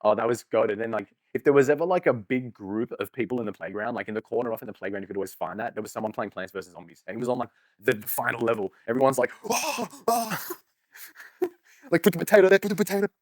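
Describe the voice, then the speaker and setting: A man's voice: lowish voice, no room sound. A young man, joking and swearing freely in a casual podcast chat. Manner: rapid, joking, swears freely, laughs often.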